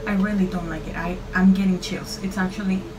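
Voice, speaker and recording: A woman's voice: medium pitch, steady tone, a little fast. Jittery young woman reacting, distant mic. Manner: nervous, swearing, talking to viewers. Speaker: gaming vlogger. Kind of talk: casual reaction commentary. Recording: distant from the mic, with clear background noise.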